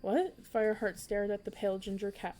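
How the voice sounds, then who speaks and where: A woman reading a children's book aloud for a storytelling podcast, in an even way with an occasional slip and restart. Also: mid-range voice, moderate pace.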